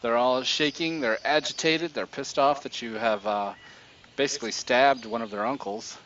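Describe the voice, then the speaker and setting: A man narrating as game master in a tabletop game, relaxed, with lots of fillers and chuckles. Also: mid-range voice, moderate pace. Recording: dull lo-fi stream audio, faint hiss.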